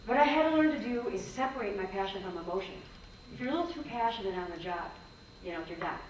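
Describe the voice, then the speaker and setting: A woman's voice: medium pitch, animated, fast talker. A woman, a former range conservationist, giving an earnest conference talk and answering questions, often restarting her sentences. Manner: earnest, frank, with many restarts. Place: conference hall. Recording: echoey hall, distant mic, faint noise.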